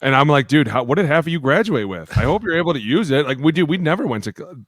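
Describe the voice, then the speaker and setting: A man's voice: on the high side, animated, fast talker, no room sound. A man, a podcast co-host and former pro lineman, talking brashly and swearing freely in casual chat. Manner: brash, profane, laughing asides.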